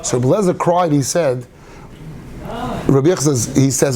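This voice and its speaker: A man's voice: medium pitch, a little fast, pauses often, warm tone. A man, a rabbi giving an informal Torah talk in a synagogue study hall, telling stories and mixing in Yiddish and Hebrew terms.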